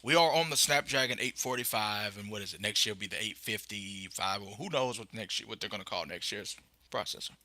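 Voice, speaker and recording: A young man talks casually and rambles through a tech podcast, full of fillers, then gets excited about hardware. His voice sounds very bright and edgy, and it is recorded dry and close with almost no room sound. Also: on the low side, a little fast, no room sound. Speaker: podcast host. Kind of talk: casual live-stream tech chat. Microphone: phone.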